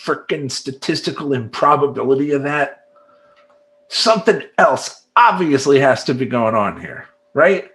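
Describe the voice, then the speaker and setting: A man's voice: mid-range voice, big pitch swings, unhurried, a bit bright. A man talking as a life coach in a rambling, emphatic monologue, acting out his clients and making sound effects. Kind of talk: casual monologue to camera.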